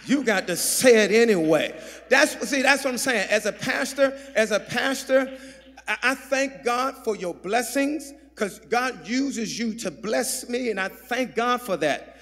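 Male pastor, high voice, sermon with call-and-response, reverberant sanctuary. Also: expressive, a little slow. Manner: preaching with call-and-response, shouting and dropping to murmurs. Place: large church sanctuary. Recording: long hall reverb.

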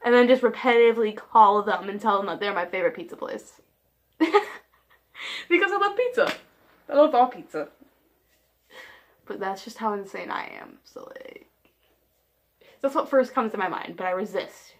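A woman's voice: medium pitch, moderate pace, long pauses. A teenage girl chatting casually on her vlog, giggly, scattered and self-deprecating, jumping from one thing to the next. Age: teens. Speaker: vlogger. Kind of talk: casual rambling vlog chat.

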